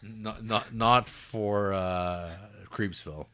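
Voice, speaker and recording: A man co-hosting a podcast. His voice sits fairly low, and he reads out notes between dry, wry jokes in a casual chat. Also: steady tone, takes it slowly, bright, forceful tone. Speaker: podcast co-host.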